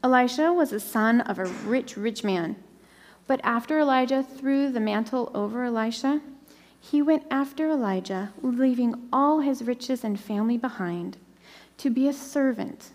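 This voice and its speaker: A middle-aged woman preaching a sermon, slowing down and dropping to a soft whisper for emphasis. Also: a little high, in a large hall.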